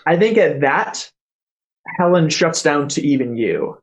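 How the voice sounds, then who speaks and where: A man's voice: fairly high pitch, big pitch swings, measured pace. A man narrating as game master, hesitant and correcting himself as he goes. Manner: hesitant, many fillers and self-corrections.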